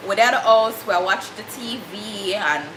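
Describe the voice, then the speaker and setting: Jamaican girl doing storytime, lively patois mix, sharp bright voice, bit of room echo and faint noise. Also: medium pitch, a little slow. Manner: animated storytelling, slipping into patois. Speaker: vlogger. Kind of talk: casual storytime chat.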